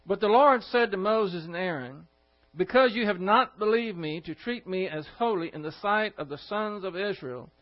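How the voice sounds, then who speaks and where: High-voiced animated Bible teacher man. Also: normal speed. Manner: animated, dramatic retelling, self-correcting. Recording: dull lo-fi recording.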